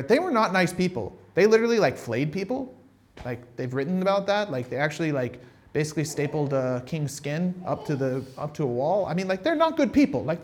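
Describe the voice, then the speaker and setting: A male pastor with a voice that sits high preaches a casual, conversational sermon. He retells a Bible story with animated asides and checks in with his listeners often.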